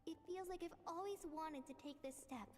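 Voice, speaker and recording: An actress playing a shy, earnest young woman archer in a video game, speaking softly and heartfelt. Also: high-pitched, normal speed, soft background music, natural voice. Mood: tender.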